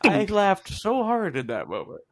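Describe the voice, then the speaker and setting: Animated, lively-pitched joking man. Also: unhurried. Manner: animated, laughs while talking, acts out bits. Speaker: podcast guest. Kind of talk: casual chat.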